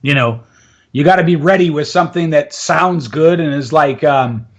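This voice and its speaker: An upbeat male voice and communication coach, his voice slightly high, explains techniques during an interview at a moderate pace. He's enthusiastic, laughs often, and demonstrates with his own voice. The recording has its highs cut off.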